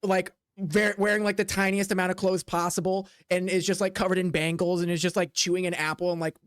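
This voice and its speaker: A woman's voice: lowish voice, flat delivery, fairly quick, clean tone, no echo, clean studio sound. A woman game master narrating a tabletop game in a chatty, filler-heavy way.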